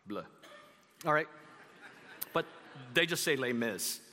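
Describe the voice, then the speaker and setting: Man, pastor, conversational sermon, bright tone, reverberant church hall. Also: medium pitch, lively intonation, slow pace. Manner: conversational preaching with asides to the congregation. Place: church sanctuary.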